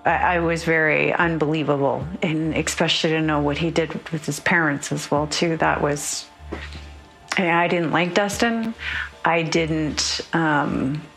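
A middle-aged woman in a documentary interview, speaking in a halting, shaken way. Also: sits low, steady tone, creaky, fairly bright tone, faint music behind. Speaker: relative interviewed.

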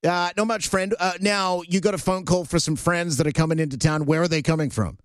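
A man's voice: a little high, fairly even intonation, brisk, no room sound, studio quality. A Canadian man hosting a talk radio show, blunt and sarcastic, ranting between filler words. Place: radio studio. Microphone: studio microphone.

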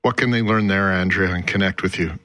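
Man hosting, bright dry studio voice. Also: deep voice, brisk, no echo. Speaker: show host. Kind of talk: TV interview hosting.

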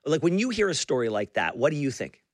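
A man's voice: fairly high pitch, big pitch swings, fast, dry recording, clean studio sound. A man hosting a conversational interview, telling a story with frequent restarts and fillers. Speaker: interview host.

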